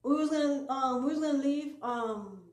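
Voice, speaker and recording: A woman's voice: sits high, normal speed, darkish tone. A woman casually telling a personal story, rambling with lots of filler ums and restarts. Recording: echoey room.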